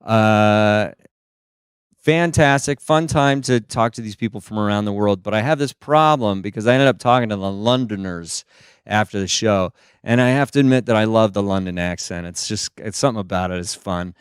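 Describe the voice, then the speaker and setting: A young American comic does stand-up on a small stage, holding a handheld mic and telling stories, switching into high, silly voices to quote people. His delivery is smooth and at normal speed, with clean studio sound and no room noise.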